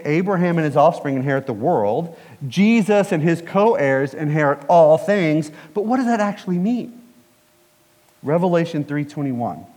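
A man's voice: a little high, darkish tone. A man preaching from the pulpit, talking it through with the congregation and tossing questions out to them. His slightly raised voice rings through a hall with a long reverb. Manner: conversational, asks the congregation questions. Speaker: pastor. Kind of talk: sermon.

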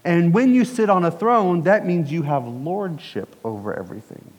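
A man's voice: on the high side, animated, normal speed. A man preaching from the pulpit, talking it through with the congregation and tossing questions out to them. His slightly raised voice rings through a hall with a long reverb. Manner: conversational, asks the congregation questions. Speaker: pastor. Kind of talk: sermon.

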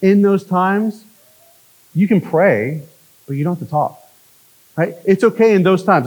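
A male pastor delivering a conversational sermon, often checking in with "right?" and swinging from emphatic lines to hushed ones. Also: sits high, unhurried, long pauses, husky, poor audio.

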